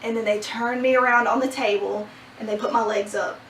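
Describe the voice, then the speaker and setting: A young woman vlogger telling a personal story in a casual, animated way, laughing often. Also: a little high, fairly quick, slight background noise. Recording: roomy sound from a distant mic.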